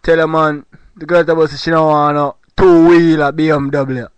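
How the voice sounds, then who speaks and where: A boastful young man with an imitation Jamaican accent, put on by a man for a comedy bit, drawls his brags at a very unhurried pace. His voice sits a little high and comes out smooth and clean. The sound is dry and close, with no room around it. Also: little pitch movement, no echo, close to an everyday voice. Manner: slow patois-style bragging.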